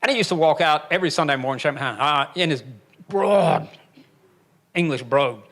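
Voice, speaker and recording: An older pastor delivers a sermon, his voice sitting a little high for a man. He preaches emphatically and drops folksy, joking asides between his points. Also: animated, a little fast, fairly bright tone. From Alabama, USA.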